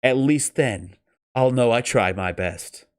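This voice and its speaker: A man voicing a small, gentle, furry mogwai creature who speaks in an earnest, determined way. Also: medium pitch, takes it slowly, pitched above the performer's own voice, natural voice.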